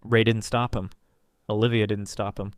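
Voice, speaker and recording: Male storyteller, smooth and resonant, close dry mic, dramatic first-person read. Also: level tone, moderate pace, no echo. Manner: dramatic, voices characters with pitch jumps. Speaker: story narrator.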